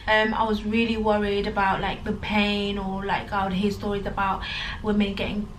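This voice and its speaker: A woman's voice: medium pitch, monotone, moderate pace, distant mic, a little hiss or hum. A young woman talking candidly to camera at home, full of fillers and addressing viewers as "guys". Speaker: vlogger, first-time mother. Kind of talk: casual chat to camera. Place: home room. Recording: voice a little off-mic, faint music behind.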